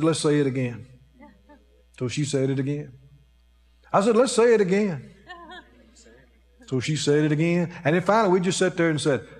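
A man's voice: a little high, a little mellow. A man preaching a sermon, telling a story and acting out the voices of the people in it. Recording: long hall reverb.

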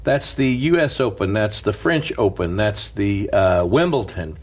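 A man who is a pastor, telling stories in an animated casual chat and laughing through them. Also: fairly low pitch, measured pace.

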